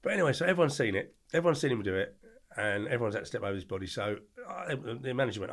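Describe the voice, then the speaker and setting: A man's voice: medium pitch, lively intonation, rapid-fire. An older man, a podcast guest telling stories in a rambling, blunt way, often stopping to correct himself. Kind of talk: casual storytelling.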